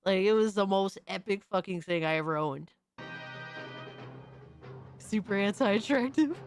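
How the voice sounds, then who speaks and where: Slow-talking excitable woman streamer. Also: mid-range voice, faint music behind. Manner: profane, excitable, shrieks in disbelief. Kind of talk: live-stream reaction commentary.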